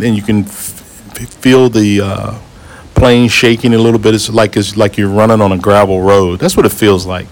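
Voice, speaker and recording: Low-voiced man telling a casual story. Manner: relaxed, conversational, repeats himself, occasional chuckles. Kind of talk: casual spoken anecdote.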